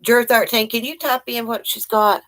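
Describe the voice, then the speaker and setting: A woman's voice: fairly high pitch, fairly even intonation, moderate pace, fairly bright tone. A middle-aged woman from Virginia, hosting a casual live chat and greeting viewers by name in a rambling, chatty way. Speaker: livestream host.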